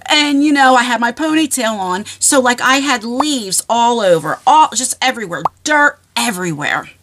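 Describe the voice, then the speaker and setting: A middle-aged woman casually telling a long personal story, rambling and animated, full of fillers and checks like "okay?". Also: a little high, moderate pace, noisy background.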